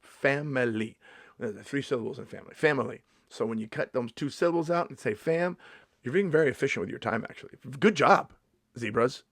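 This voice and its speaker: A man's voice: medium pitch, a little fast, dry recording. Man in his fifties, comedian, sarcastic rant, swears freely, mock-indignant, dry close sound. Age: 50s. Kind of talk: comedic vlog monologue.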